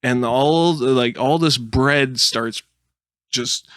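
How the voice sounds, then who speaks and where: A man's voice: mid-range voice, slow, no room sound, studio quality. A man co-hosting a podcast, telling a made-up story in casual chat with lots of laughs. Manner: animated storytelling with laughs and silly put-on voices. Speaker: podcast co-host.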